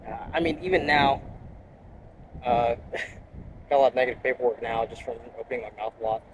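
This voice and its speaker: A man's voice: medium pitch, a little fast, a little hiss or hum, rough recording. A young man, a Marine reservist, talking bluntly and profanely in a casual interview.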